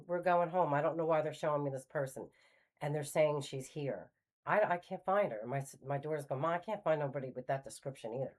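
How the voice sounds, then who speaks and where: Middle-aged woman host, low-pitched, animated casual storyteller. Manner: animated retelling, acts out quoted voices. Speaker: spiritual channel host.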